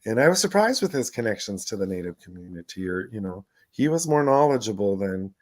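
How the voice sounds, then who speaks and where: A man co-hosting a radio talk show, telling lively stories and acting out quoted voices, often laughing. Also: lowish voice, fairly quick, no echo. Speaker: radio show co-host, former city council member. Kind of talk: casual storytelling radio conversation.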